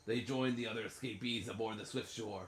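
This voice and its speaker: A man's voice: lowish voice, steady tone, a little fast, roomy sound, slight background noise, close to an everyday voice. A man reading aloud as a mock pirate writing a farewell journal, in a theatrical pirate accent. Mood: solemn.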